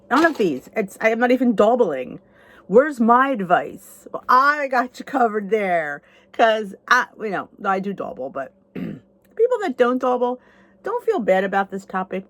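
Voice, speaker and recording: A woman in her fifties from the United States, talking candidly to the camera in a casual vlog about weight loss. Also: no room sound. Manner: candid, conversational, pitch rising on emphasis.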